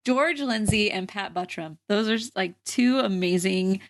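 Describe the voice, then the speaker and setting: A young woman with a mid-range voice co-hosts a casual podcast chat at an unhurried pace. She's giggly, laughing often and filling her talk with "like."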